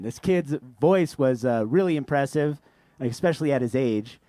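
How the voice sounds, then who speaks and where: A man on a festival stage mic, talking in a chatty, rambling way and restarting his sentences as he introduces a young act. His voice sits fairly high for a man, and the sound is close and dry with no room around it. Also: lively intonation, moderate pace, darkish tone, dry recording. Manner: chatty, rambling, self-correcting. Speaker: festival emcee.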